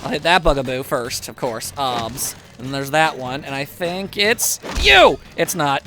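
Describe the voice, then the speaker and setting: Guy doing let's play commentary, bright tense voice, jumps all over the place, kinda sarcastic, faint music under it. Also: a little high, lively intonation, unhurried. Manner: chatty, wry, self-mocking asides. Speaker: gameplay commentator.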